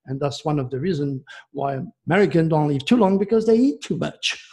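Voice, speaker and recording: A man's voice: a little high, animated, fairly quick, vocal fry, mellow, breathy edge. A man, an astrologer guest on a radio interview, explaining at length in an emphatic, digressive way. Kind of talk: rambling radio interview talk.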